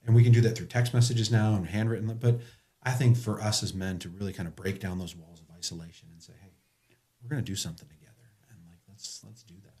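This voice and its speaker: Earnest storytelling man, low voice. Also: steady tone, quick pace, a little mellow, reverberant. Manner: earnest, storytelling with quoted dialogue; joking. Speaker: podcast guest. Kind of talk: casual chat.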